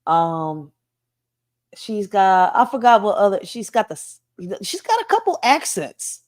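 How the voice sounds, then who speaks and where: A woman's voice: mid-range voice, animated, measured pace, darkish tone. A woman hosting a casual news reaction show, talking bluntly with swearing and laughing asides. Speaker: host.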